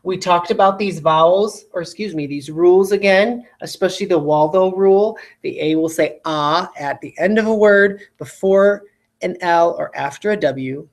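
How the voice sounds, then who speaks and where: A spelling teacher giving a recorded lesson for children, patiently repeating each example word with slow, exaggerated enunciation and checking in often. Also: medium pitch.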